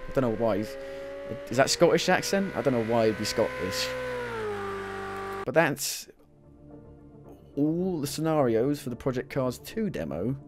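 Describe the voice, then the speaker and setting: A man doing gameplay commentary, excitable, swearing at the game and laughing at himself. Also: mid-range voice, measured pace, pauses often. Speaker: gaming video creator. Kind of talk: let's-play gameplay commentary. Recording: racing car engine noise behind. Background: car engines from the game.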